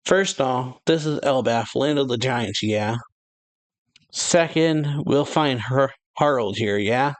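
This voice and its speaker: A man's voice: mid-range voice, slow, no room sound, lightly acted. A man reading out the lines of a brash, pushy pirate captain, in his everyday voice.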